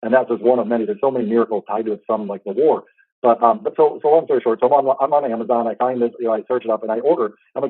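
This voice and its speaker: Fast-talking earnest man on a tinny line. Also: mid-range voice, dry recording. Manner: fast, halting, with many restarts and fillers; earnest, heartfelt. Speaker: podcast host. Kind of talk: casual storytelling.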